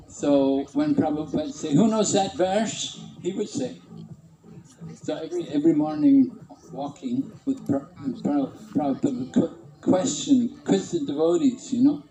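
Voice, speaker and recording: A man's voice: fairly high pitch, reverberant, slight background noise, low-quality recording. A man casually reminiscing about his early temple days, often chuckling. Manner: warm-humored, chuckling, imitates others. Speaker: devotee reminiscing.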